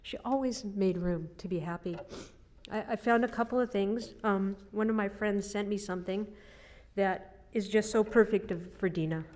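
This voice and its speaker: Brief: middle-aged woman, eulogy for her sister, anecdotal, gentle laughs, mid pitch. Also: normal speed. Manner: anecdotal storytelling with soft laughs. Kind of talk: funeral eulogy.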